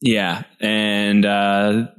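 A man's voice: fairly low pitch, monotone, drawn-out words, clean tone. A man co-hosting a podcast, rambling casually with lots of fillers as he recaps a TV episode, jumping up into playful quoted voices. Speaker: podcast co-host.

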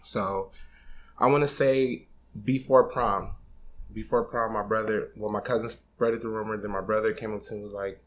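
A man's voice: fairly low pitch, fairly even intonation, moderate pace. A man in his twenties on a podcast, candidly telling a personal story in a casual, slangy way, swearing freely and getting emotional. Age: 20s.

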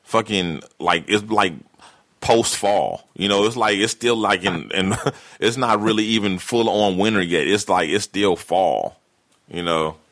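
Laid-back, low-voiced man recapping TV. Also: a little slow, fairly bright tone. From California. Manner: loose, profane, recaps scenes with playful impressions. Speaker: podcast co-host. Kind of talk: casual chat.

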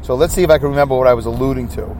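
A man's voice: mid-range voice, very fast, a little mellow, slight background noise. A sleep-deprived man in his fifties hosting a solo podcast, rambling and losing his train of thought. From upstate New York. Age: 50s. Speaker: podcast host.

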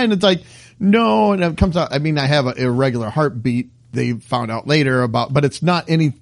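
A man's voice: fairly high pitch, a little fast, vocal fry, no echo, studio quality. A middle-aged man co-hosting a casual chat show, telling funny stories and acting out the doctors and nurses in them. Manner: animated storyteller who acts out the people in his stories. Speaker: podcast co-host.

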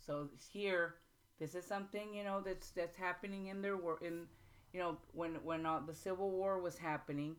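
Woman, writing workshop host, informal teaching talk, halting delivery, slow read-aloud passages. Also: fairly low pitch, steady tone. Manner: halting, with many restarts and pauses; reads excerpts aloud slowly.

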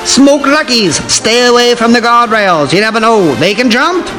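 A man putting on a brash 1940s newsreel announcer voice, booming and brassy, pitched well above his own. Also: animated, moderate pace, music in the background. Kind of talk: 1940s radio announcer parody.

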